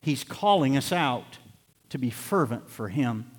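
A man preaching a sermon as pastor, swinging between loud, laughing bursts and hushed, slow scripture reading. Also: medium pitch, expressive. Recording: long hall reverb.

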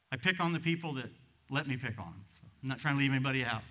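A male pastor preaches to his congregation at a church service, speaking conversationally with chuckles before building to fervent emphasis. His mid-range voice is bright and forceful, and he talks at a racing pace.

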